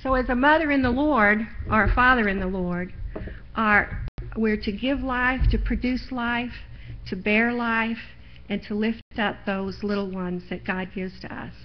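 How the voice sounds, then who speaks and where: Higher-voiced woman preaching on lo-fi stream. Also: a little slow, slight background noise. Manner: folksy, personal testimony, building to louder emphasis. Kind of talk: sermon. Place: church. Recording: lo-fi live stream audio.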